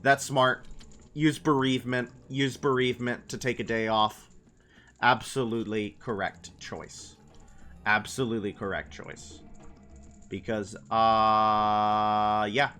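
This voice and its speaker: Casual gaming livestream talk comes from a young man whose mid-range voice sounds pushed and bright, delivered at a measured pace. He meanders as he goes, responding aloud to what his chat writes.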